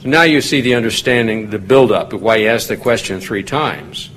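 A man's voice: normal speed, a bit bright, a little hiss or hum, rough recording. Man teaching a casual Bible study. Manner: conversational, rises in pitch when reading quoted lines. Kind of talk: informal Bible study talk.

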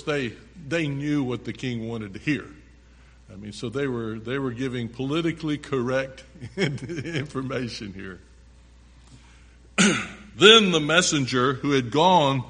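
A man preaching a sermon with a bright, forceful tone, reading scripture slowly and deliberately. He stops between verses to explain them in plain, conversational words. His voice rings out in the long reverb of a large hall. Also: medium pitch, slightly rough. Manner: reads a passage aloud, then breaks off to explain it plainly.

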